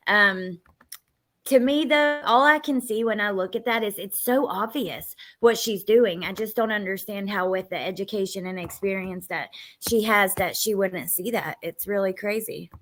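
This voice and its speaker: A woman's voice: medium pitch, moderate pace, a bit bright. Chatty woman hosting a true crime stream. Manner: chatty, rambling, with frequent ums. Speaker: true crime livestream host. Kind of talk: casual livestream commentary.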